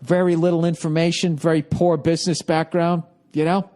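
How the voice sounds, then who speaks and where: A middle-aged man rambles through a casual podcast monologue. He swears freely and keeps breaking into quick impressions of the people he talks about. His voice sits slightly above the usual male range. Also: fairly high pitch, level tone, darkish tone. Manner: profane, rambling, mimics people in goofy voices. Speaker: podcast host.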